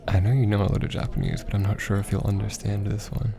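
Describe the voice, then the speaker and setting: A man's voice: on the low side, level tone, quick pace, gravelly, crowd noise. A man playing a teasing boyfriend, whispered role-play. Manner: soft, laughing, teasing. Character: teasing affectionate young boyfriend teaching Japanese. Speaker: ASMR roleplay creator. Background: background music.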